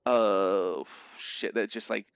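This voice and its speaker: Animated young man telling game stories. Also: fairly low pitch, takes it slowly, gravelly, clear, resonant tone, no echo. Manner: animated storyteller, acts out quotes in voices. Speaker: streamer. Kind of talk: casual chat about a video game. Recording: dull lo-fi dry mic.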